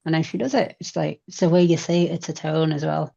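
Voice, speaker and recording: A woman chatting in a group video call, lively when she acts out what she says to others. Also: low-pitched, fast, creaky, breathy edge, lo-fi sound. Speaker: group participant.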